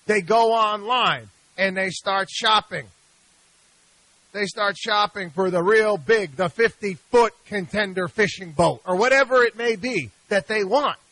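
Animated male radio host, bright high voice. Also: unhurried, no room sound, rough recording. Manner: animated, exasperated, repeats and restarts. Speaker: radio show host, investment advisor. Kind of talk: radio talk monologue.

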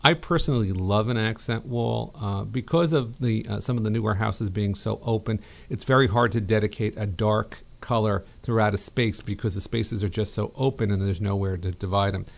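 A middle-aged man hosting a call-in home design advice show, chatty and relaxed, with many fillers and restarts. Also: fairly low pitch, normal speed, vocal fry, few pauses. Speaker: radio show host, interior designer.

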